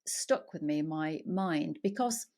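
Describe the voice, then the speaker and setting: A woman hosting an interview podcast, asking her guest thoughtful, measured questions. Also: low-pitched, animated, a little mellow. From Britain. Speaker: podcast host.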